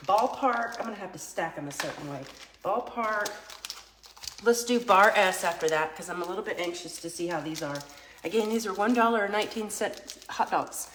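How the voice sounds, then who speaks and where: A woman's voice: medium pitch, a little fast, fairly bright tone, echoey room, a little hiss or hum. A woman vlogging a casual product test, chatty and rambling, joking aside to her viewers. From United States. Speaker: vlogger product testing a vintage cooker.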